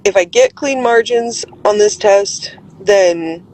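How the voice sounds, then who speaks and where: A woman fresh from surgery, drowsy from sedation, telling her story in animated casual chat and swearing freely. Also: medium pitch, slow pace, a little hiss or hum, rough recording. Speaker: patient home from surgery. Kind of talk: casual chat on a live call.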